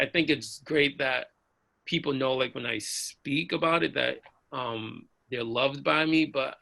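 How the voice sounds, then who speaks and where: Man, preacher and officer, earnest storyteller; gravelly texture, tense and bright. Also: medium pitch. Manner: earnest, animated, acts out the voices of others. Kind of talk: personal storytelling in a panel discussion.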